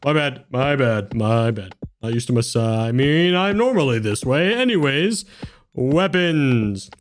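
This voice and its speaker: A man's voice: mid-range voice, lively intonation, a little slow, a little hiss or hum. Eager, chatty man playing a tabletop game. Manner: eager, chatty, often laughing. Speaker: player.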